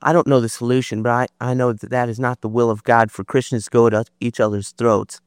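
Man, halting but sincere audience comment, dry close sound. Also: mid-range voice, level tone, clean tone, no room sound. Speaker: audience member. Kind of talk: public debate comment.

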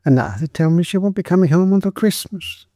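A man reading a story, voicing a poor, timid young woman who stammers and pleads in a shrill, lisping voice. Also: a little fast, mellow, no echo, clean studio sound, natural voice. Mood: explaining.

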